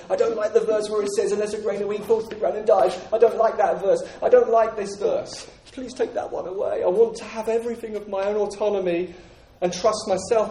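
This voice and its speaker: A man's voice: warm tone, slight background noise. A man voicing a frightened, timid believer who anxiously pleads not to lose anything. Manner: anxious, pleading, higher and rising. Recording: echoey room, voice from a distance.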